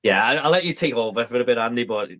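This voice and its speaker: A man's voice: medium pitch, animated, fast talker, fairly bright tone. A man hosting a casual podcast chat, talking enthusiastically and rambling with fillers. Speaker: podcast host.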